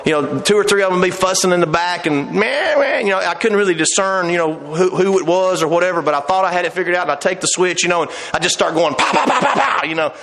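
A man's voice: high voice, fairly even intonation, fast, few pauses, fairly bright tone. A middle-aged man preaching a sermon, telling folksy stories and building to fervent emphasis. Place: church sanctuary. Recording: long reverb of a church hall.

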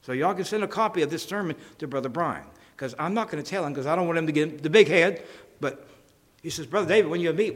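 A folksy pastor preaching with a lively, swooping voice that rides high for a man. He plays out little conversations and jokes with his congregation, and the long reverb of a church hall trails behind him. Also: fairly quick. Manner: folksy, jokey, acts out conversations. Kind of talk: sermon.

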